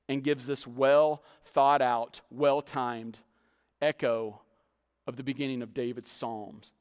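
A man's voice: a little high, long reverb tail. A man preaching a sermon, reading scripture passages aloud and explaining them. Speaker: pastor.

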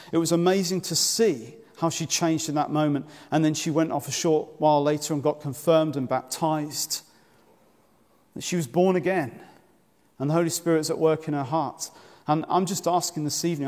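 A man preaching a sermon in earnest, measured tones, asking the congregation direct questions. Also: on the high side, a little mellow. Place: church. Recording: long church reverb.

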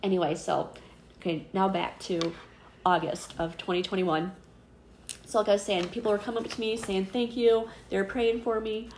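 A middle-aged woman with a mid-range voice shares a personal faith story in a relaxed, conversational way. She talks with plenty of ums and likes. She is earnest and animated when she acts out what others said. A faint hiss sits under her voice. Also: mid-range voice, normal speed, reverberant. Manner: chatty, earnest, full of fillers. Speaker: interviewee.

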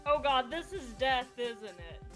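High giggly woman at a tabletop game, slow drawn-out talk. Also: very animated, a bit bright, faint music behind. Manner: giggly, playful. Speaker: player. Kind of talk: casual tabletop play.

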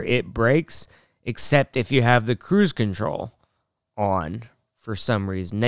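A man's voice: mid-range voice, clean tone, no room sound, clean studio sound. A young man hosting a podcast, telling rambling self-mocking stories and laughing often. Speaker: podcast host. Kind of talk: casual storytelling monologue.

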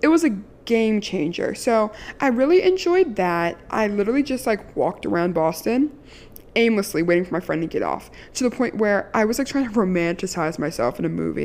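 A woman's voice: mid-range voice, expressive, brisk, a little mellow. A woman in her early twenties from Maryland, telling a candid, sassy storytime with casual profanity and a lot of "like". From Maryland, USA. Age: 20s.

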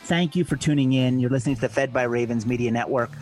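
A man's voice: medium pitch, quick pace, darkish tone, soft background music. A man hosting a talk radio show, talking loosely with fillers and side remarks from a studio. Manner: conversational, loose, with fillers and asides. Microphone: studio microphone.

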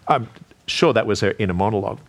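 A man's voice: lowish voice, normal speed. A man with an Australian accent hosting a carols event, chatty and jokey, breaking off for asides. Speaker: host.

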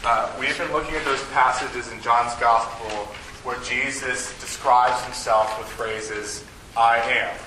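A man's voice: mid-range voice, fairly even intonation, a little slow, bright, forceful tone, a little hiss or hum. A man giving an informal, joking sermon to a gathered group as a campus ministry preacher. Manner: joking, chatty, self-deprecating. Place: meeting room with an audience. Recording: echoey room, mic at a distance.

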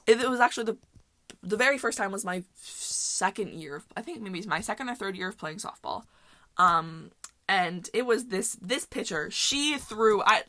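A woman's voice: mid-range voice, pushed and bright, no echo. A woman hosting a casual solo podcast, telling stories in a rambling way, often correcting herself and laughing. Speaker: podcast host.

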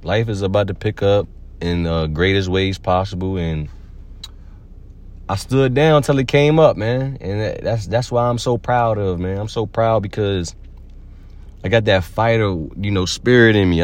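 Low-voiced man giving a loose slangy pep talk. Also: steady tone, normal speed. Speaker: podcast host. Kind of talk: casual motivational monologue.

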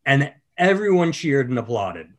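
A man's voice: mid-range voice, measured pace. Male comedian-host, casual podcast chat, storyteller who acts out the people he quotes. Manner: storytelling, animated when quoting others.

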